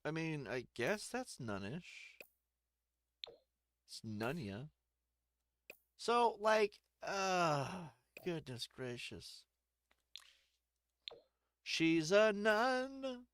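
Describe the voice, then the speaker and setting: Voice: medium pitch, very animated, drawn-out words, long pauses, fairly bright tone, dry recording. A streamer giving crude, joking gameplay commentary, often laughing between remarks.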